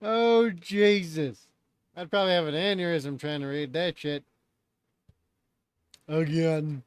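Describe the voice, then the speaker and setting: A man's voice: fairly high pitch, slow pace, smooth, no room sound, clean studio sound. A man hosting a live stream, reacting in loose, chatty talk and swearing freely.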